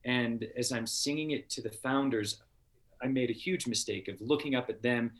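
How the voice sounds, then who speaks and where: Give me a man as a podcast guest, earnest and heartfelt, with a medium-pitched voice. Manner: earnest, heartfelt, with halting restarts. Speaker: podcast guest, TV show star. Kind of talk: casual interview storytelling.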